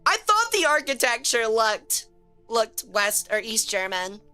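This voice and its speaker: Excitable woman streamer, high sharp voice, cussing a lot and chatting w viewers. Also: a little slow, faint music behind. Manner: excitable, swears a lot when frustrated, chats with viewers. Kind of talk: casual live-stream game commentary.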